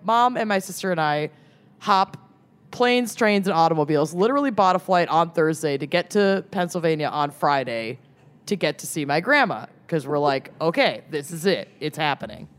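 A woman's voice: on the low side, normal speed. A tired woman co-hosting a podcast, telling a long story in a casual chat and laughing often. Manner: animated storyteller with frequent laughs. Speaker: podcast co-host.

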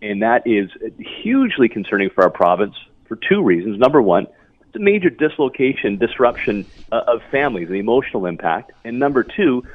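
A man's voice: mid-range voice, a little fast, no echo. A man, an industry association chief, speaking emphatically as a guest in a radio interview. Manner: animated, emphatic, repeats words. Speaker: real estate association CEO, guest. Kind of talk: phone-in interview. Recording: tinny phone line, dry.

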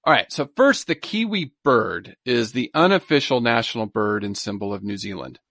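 A man in his thirties co-hosts a casual chat podcast, pushing his points with eager energy and repeating words in quick bursts. His mid-range voice sits close and dry on the mic, with no room around it. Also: mid-range voice, expressive, a bit bright, no room sound. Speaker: podcast co-host.

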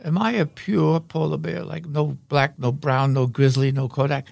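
A man's voice: on the high side, fairly even intonation, normal speed, vocal fry, a little mellow, no echo, studio quality. An older man doing an anxious baby polar bear cub. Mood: earnest. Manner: earnest questioning joke delivery.

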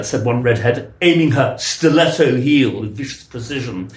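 A man hosts a relaxed conversation and reads archive press quotes with delight. His voice sits at an ordinary pitch and rings a little in a roomy space. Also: normal speed, few pauses. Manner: enthusiastic, reads quotes with lively emphasis. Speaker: podcast host. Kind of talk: casual chat, reading archive excerpts aloud.

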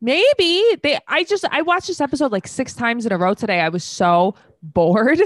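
A woman's voice: fairly high pitch, expressive, normal speed, dry recording, clean studio sound. A woman co-hosting a casual podcast, giggly and playful in the banter. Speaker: podcast co-host.

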